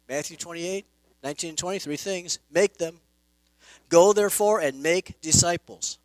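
A man preaching a sermon as pastor, emphatic, swelling loud and dropping soft. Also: sits high, no echo, low-quality recording. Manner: emphatic preaching with rising and falling volume.

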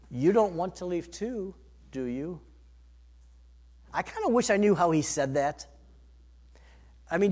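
A man preaching a sermon, earnest, rising to emphatic peaks and then dropping soft. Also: a little high. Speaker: pastor.

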